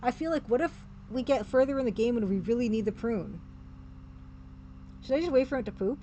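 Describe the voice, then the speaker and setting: Woman, let's play streamer, chatty, amused, thinking aloud, slightly high voice. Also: lively intonation, fairly quick, warm tone, a little hiss or hum.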